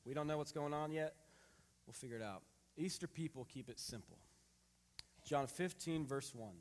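A man in his thirties preaching a sermon, reading scripture and telling a family story in a lively, animated way. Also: on the high side, normal speed, long pauses. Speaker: pastor. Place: church hall. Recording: long hall reverb.

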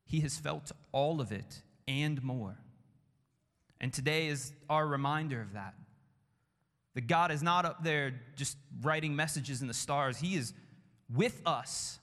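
A man preaching a sermon with passion, building through repeated phrases and dropping to hushed tones. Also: a little high, measured pace. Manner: impassioned, rhythmic repetition, drops to hushed tones. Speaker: pastor. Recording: long hall reverb.

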